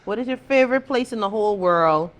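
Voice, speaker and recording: A woman guest on a casual date chat, quick-witted and teasing, often laughing. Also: mid-range voice, animated.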